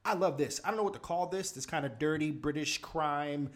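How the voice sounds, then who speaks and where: A man's voice: fairly high pitch, brisk. A man co-hosting a casual movie chat, enthusiastic and joking. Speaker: co-host.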